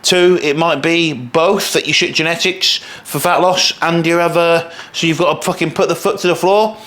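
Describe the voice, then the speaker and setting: A young man rambles quickly as he cooks, peppering his talk with swearing. He sounds worn out from the day. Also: a little high, steady tone, fairly bright tone. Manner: swears a lot, rambling and fast. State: tired. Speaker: fitness coach. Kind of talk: casual cooking vlog.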